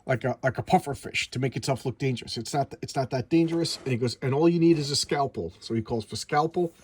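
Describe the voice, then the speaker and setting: A man's voice: medium pitch, fast talker, a little hiss or hum. A man recapping a comic book in a casual, enthusiastic, rambling way, with many restarts.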